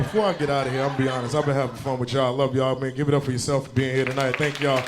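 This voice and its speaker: A young man from New Jersey doing a stand-up comedy set, an animated storyteller who jumps into loud shouted bits. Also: high voice, racing, few pauses, crowd noise. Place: comedy club stage with audience laughter.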